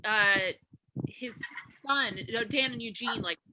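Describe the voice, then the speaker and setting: A woman's voice: fairly high pitch, a little slow, noisy background. A woman chatting enthusiastically on a video call as a party guest, with plenty of "like" fillers. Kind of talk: casual chat.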